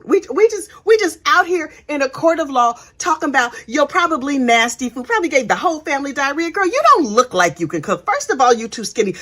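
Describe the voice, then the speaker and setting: Woman, true crime host, casual storytelling, sassy, slangy, high voice, animated delivery. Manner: sassy, gossipy, slangy asides.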